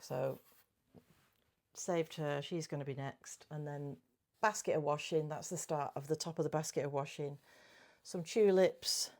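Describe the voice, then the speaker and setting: A woman's voice: low voice, darkish tone. A middle-aged woman chatting casually about her cross-stitch projects, giggly and often correcting her own words. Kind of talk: casual chat.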